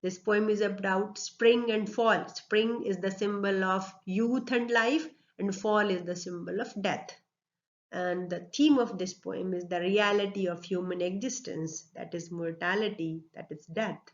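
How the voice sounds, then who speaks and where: A woman's voice: medium pitch, steady tone, a little slow, highs cut off. A woman with an Indian accent, an English lecturer giving a classroom lecture, explaining step by step with frequent fillers and mixing English with Hindi.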